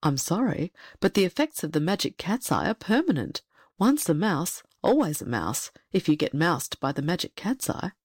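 A woman voicing a grave, kindly old male rat in a storybook reading, lowering her voice slightly and speaking solemnly. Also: very animated, normal speed, a little mellow, breathy edge, dry recording, clean studio sound.

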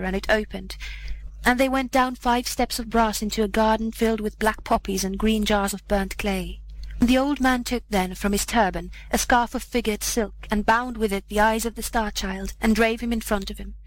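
A woman reads an old fairy tale aloud, measured and solemn. Her voice sits a little high, and a faint hiss runs under the recording. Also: steady tone, poor audio. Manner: measured, solemn archaic narration. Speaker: narrator. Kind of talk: storybook reading aloud.

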